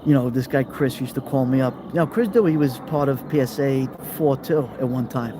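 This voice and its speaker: A man's voice: medium pitch, a little fast, noisy background. A middle-aged man, hosting a casual live chat and telling rambling stories that act out the people he quotes while answering viewer comments. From New York. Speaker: live-stream host.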